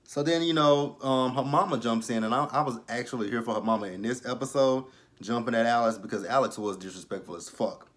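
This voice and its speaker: A man's voice: mid-range voice, brisk, fairly bright tone. A man giving casual, blunt, profane commentary on a reality TV episode. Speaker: reality TV reviewer.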